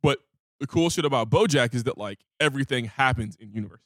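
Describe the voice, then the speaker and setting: A man's voice: medium pitch, fast, a bit bright, dry recording, studio quality. Opinionated, slangy man on a podcast. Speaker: podcast co-host. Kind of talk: casual chat.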